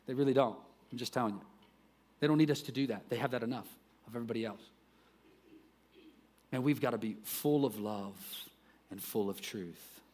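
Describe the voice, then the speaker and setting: A preaching pastor with loud bursts. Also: male voice, medium pitch, brisk, long pauses. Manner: conversational preaching with sudden loud emphatic bursts and dropped quiet asides; self-deprecating joking. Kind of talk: sermon.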